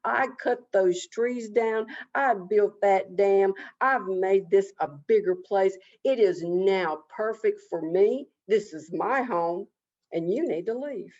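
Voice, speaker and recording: A woman voicing a bossy, boastful male beaver who proclaims loudly in an oral folk tale, on a dull lo-fi recording. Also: medium pitch, measured pace, natural voice.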